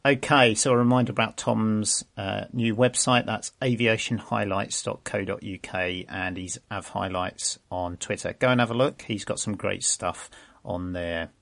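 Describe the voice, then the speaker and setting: A man's voice: lowish voice, steady tone, normal speed, vocal fry, a bit bright. A man hosting a podcast, reading out listener messages in a chatty way with many fillers. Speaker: podcast host.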